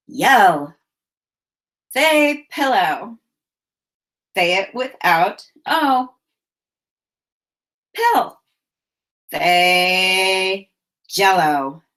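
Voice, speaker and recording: A woman teacher leading a children's phonics lesson, giving slow, clearly enunciated prompts and cheerful praise. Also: medium pitch, fairly bright tone.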